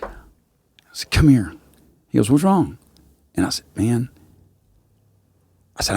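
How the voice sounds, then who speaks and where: A man's voice: medium pitch, expressive, normal speed, pauses often, a little mellow, no echo. A man, telling a rambling anecdote in a drawling voice and repeating "I said" often. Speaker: rodeo announcer and guest. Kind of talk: casual storytelling.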